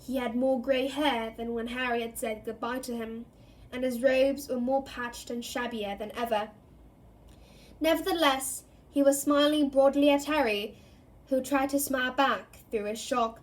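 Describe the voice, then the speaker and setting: A woman reading a novel aloud in an expressive storytelling way, giving each character a voice. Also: sits high, a little slow. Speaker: reader.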